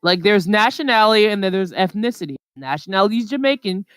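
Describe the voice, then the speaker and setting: Co-host, casual podcast chat, smooth clear voice, dry close sound, rambly with lots of "like" and "um". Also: mid-range voice, expressive, fast talker, fairly bright tone, no echo. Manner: rambling, filler-heavy storytelling.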